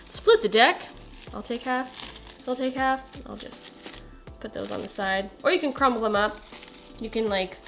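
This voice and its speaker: A young woman giving a chatty, laid-back cooking voiceover for her vlog, often saying "like". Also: on the high side. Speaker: cooking vlogger. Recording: faint music behind.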